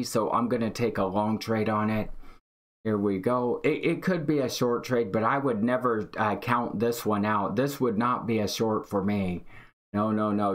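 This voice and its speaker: A man hosting a live day-trading stream, excitedly reading out chat and calling trades. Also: lowish voice. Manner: excited, hyped, reads chat aloud. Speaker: day-trading livestream host.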